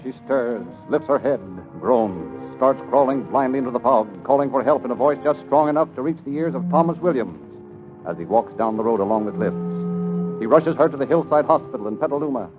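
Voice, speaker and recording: A man narrates in a declamatory 1930s radio style. The sound is thin and tinny like an old broadcast, with music playing clearly under his voice. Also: medium pitch, fairly quick.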